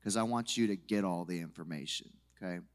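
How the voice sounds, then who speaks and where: A man teaching a church conference session in a relaxed, chatty way, his voice low and rough from the early morning. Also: brisk. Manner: relaxed, chatty, many fillers. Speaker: conference speaker, worship leader. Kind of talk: casual teaching talk to a church audience. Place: church hall.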